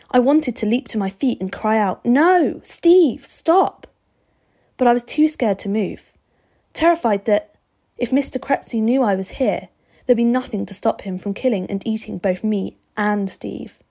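A woman narrating a story aloud with expressive, steady delivery. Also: mid-range voice, gravelly, breathy edge.

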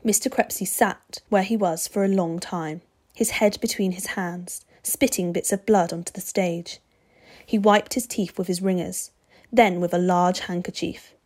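A woman narrating a story aloud with expressive, steady delivery. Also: lowish voice, unhurried.

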